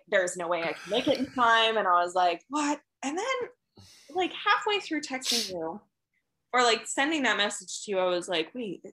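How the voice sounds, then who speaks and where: A young woman co-hosting a podcast, chatting casually and telling stories with lots of fillers and animated asides. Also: fairly high pitch, slight background noise, poor audio. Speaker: podcast co-host. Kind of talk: casual chat.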